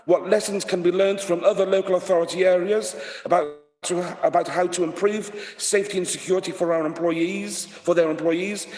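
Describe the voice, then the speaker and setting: A man with a croaky voice, speaking as a councillor at a committee meeting and reading out a formal motion. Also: fairly high pitch, a little mellow. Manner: reads out a motion, measured. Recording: echoey hall with long reverb.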